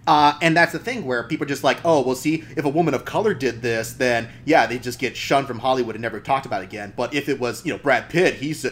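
A man's voice: medium pitch, fast talker, few pauses, fairly bright tone, a little hiss or hum. A man hosting a casual film podcast, chatty and laughing often as he talks. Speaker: podcast host.

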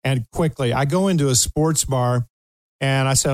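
Heard with no room sound, this older Kentucky talk show host has a smooth, medium-pitched voice at normal speed. He tells a funny story in a lively way, with frequent laughter and acted-out voices for those he quotes.

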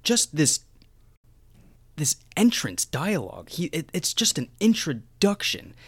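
A man chatting casually about a film, emphatic and excitable, swearing now and then. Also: a little high, measured pace, husky, dry recording. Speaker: podcast co-host discussing a film. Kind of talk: casual chat.

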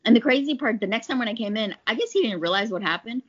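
A woman who works in pharmaceutical sales chats through an interview, animatedly telling stories and acting out quoted lines. Her voice is a little high, expressive, and husky, moving at a quick pace, with slightly dull lo-fi audio.

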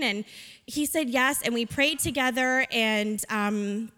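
A woman's voice: a little high, slow, bright, forceful tone. A woman who leads a church's children's ministry, telling an earnest story from the front with plenty of fillers. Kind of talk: church testimony talk. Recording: reverberant church hall.

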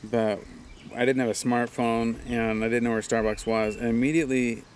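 A chatty pastor from Hawaii shares stories in a relaxed interview, talking at an average pitch and filling his speech with casual asides and easy laughter. A faint hum of noise sits in the background. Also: moderate pace. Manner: chatty, with frequent laughs and "you know" fillers. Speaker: pastor and speaker.

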